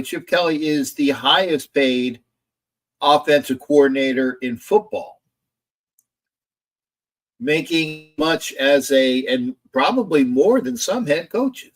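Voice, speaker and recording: With a fairly high-pitched voice, this football streamer takes his time, broadcasting casually from a home camera setup. He rambles, reads his chat's messages out loud, and argues with them.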